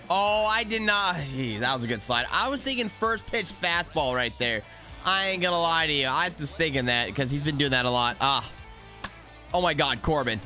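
A young man giving excited live commentary while playing a baseball video game, talking to his players on screen. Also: sits high. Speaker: gaming YouTuber.

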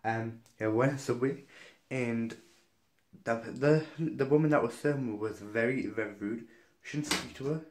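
A man's voice: medium pitch, normal speed, a little mellow, a little hiss or hum. A young man from Newcastle, telling a story in a casual vlog, chatty and gossipy, with some swearing. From Newcastle, England. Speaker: vlogger.

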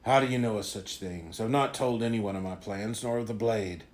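A man voicing a wary, vengeful male swordsmith who speaks in a gruff, demanding way. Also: fairly low pitch, moderate pace, close to an everyday voice.

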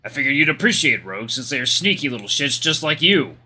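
A man's voice: mid-range voice, sing-song, quick pace, sharp tone, breathy edge, faint music behind, exaggerated voice. A man voicing a teasing male companion with dry humor.

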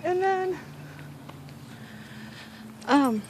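A woman with a high-pitched voice chats to her camera from the porch, taking her time and rambling with plenty of fillers. A faint hiss of outdoor noise sits under her voice. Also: animated, drawn-out words, a little mellow. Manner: chatty, rambling, with frequent fillers and sighs. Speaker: vlogger. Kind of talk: casual storytelling vlog.

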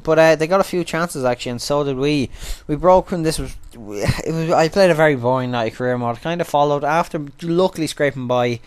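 A man's voice: mid-range voice, smooth, no echo. A man talking casually over football game footage, chatty and rambling, swearing freely. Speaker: gaming commentator. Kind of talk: casual gameplay commentary voice-over.

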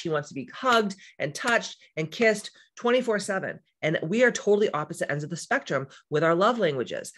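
A woman talking about astrology in a casual vlog, speaking in a frank, chatty way with lots of fillers, swearing and tangents. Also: mid-range voice. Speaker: astrology and life coach. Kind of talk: casual spiritual vlog talk.

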